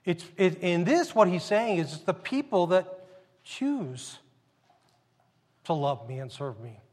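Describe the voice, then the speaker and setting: A man's voice: sits high, very animated, takes it slowly, darkish tone, long reverb tail. A man preaching a sermon in a conversational storytelling manner, often restarting his sentences. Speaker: pastor.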